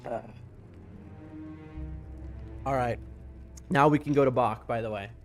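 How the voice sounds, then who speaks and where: A man streaming a game live, rambling casually to his chat in a mid-range voice. His talk wanders freely from one topic to the next. Faint music runs quietly in the background. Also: slow pace. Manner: chatty and rambling, talks to his chat, soft high voice when talking to his cats.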